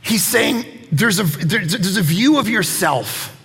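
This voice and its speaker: A pastor in his thirties or forties preaching a lively sermon, telling self-mocking stories and acting out other people's voices. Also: sits high, takes it slowly, vocal fry. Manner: animated, self-mocking storytelling; acts out quoted voices. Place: church auditorium. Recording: long hall reverb with faint music.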